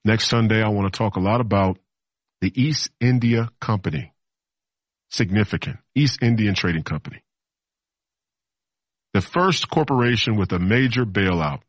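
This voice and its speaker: A man in his thirties with a very low voice delivers a loose, rambling political talk-show monologue, repeating phrases and tossing in mocking asides. The sound is dry and close, with no room around it. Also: normal speed, long pauses, no room sound. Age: 30s.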